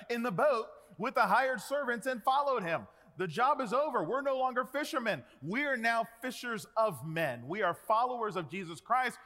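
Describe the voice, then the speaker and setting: A man preaching a sermon, animated, acting out quoted voices and dropping to hushed tones. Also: sits high. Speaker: pastor. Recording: long hall reverb.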